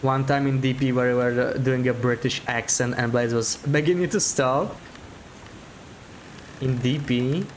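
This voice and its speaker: A man's voice: medium pitch, steady tone, a little slow, slight background noise. A man giving live gameplay commentary as a streamer, chatting to his viewers, thinking aloud and laughing often.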